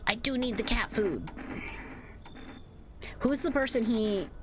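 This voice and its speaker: A woman's voice: on the high side, lively intonation, slow, noisy background. A young woman streaming a game, chatting casually, swearing and sounding exasperated.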